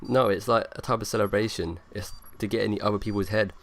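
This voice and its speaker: A man's voice: lowish voice, fairly even intonation, quick pace. A young man rambling through casual gameplay commentary, leaning on lots of fillers. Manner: rambling, filler-heavy, talks over gameplay. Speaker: gaming YouTuber.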